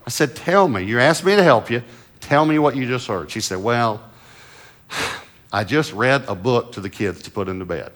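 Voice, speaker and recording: A middle-aged man preaching a sermon and telling a personal story, moving between loud emphatic lines and soft hushed asides. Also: mid-range voice, expressive, moderate pace. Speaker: pastor.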